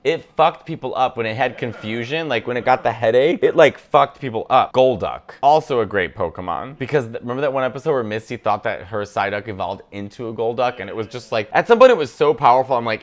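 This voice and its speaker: A man chatting casually and animatedly while ranking a list, now and then breaking into squeaky voices. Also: animated, fairly quick. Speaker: comedian ranking Pokémon. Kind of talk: casual chat.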